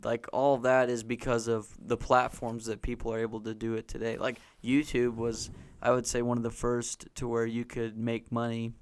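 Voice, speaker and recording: A man's voice: mid-range voice, monotone, moderate pace, few pauses, clear, resonant tone. Rambling male gaming podcaster. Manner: rambling, self-correcting, eager about gaming. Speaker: podcast co-host. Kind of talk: casual chat.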